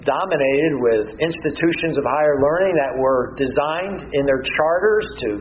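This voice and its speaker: A man preaching a Bible-teaching sermon in an earnest, measured way, pausing and restarting as he works through his points. His voice sits a little high for a man. It comes through a dull, lo-fi radio broadcast with a faint hiss underneath. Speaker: pastor.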